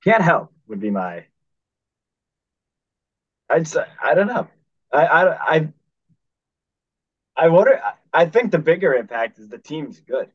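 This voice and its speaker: A man's voice: a little high, sing-song, measured pace, pauses often, slightly rough. A man co-hosting a baseball podcast, chatting casually and often restarting his sentences. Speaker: podcast co-host. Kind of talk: casual sports chat. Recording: dull, dry sound.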